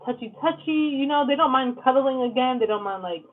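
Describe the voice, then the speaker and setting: A woman's voice: sits high, fairly quick. Casting: blunt woman tarot reader, cursing casually, tinny phone-like audio. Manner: blunt, profane, fillers like "like" and "okay?". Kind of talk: casual tarot reading to camera. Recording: lo-fi phone-like sound.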